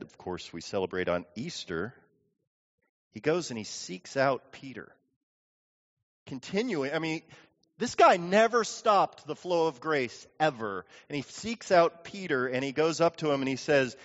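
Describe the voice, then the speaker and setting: In a church sanctuary, a pastor with a medium-pitched voice preaches animatedly at a slightly slow pace. He tells stories and acts out the people he quotes, heard through dull lo-fi audio with long hall reverb.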